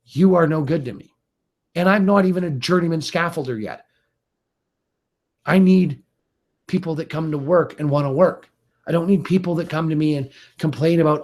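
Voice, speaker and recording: A man's voice: fairly high pitch, darkish tone. A middle-aged man delivering an angry, profane rant to camera as a video blogger, heated and exasperated.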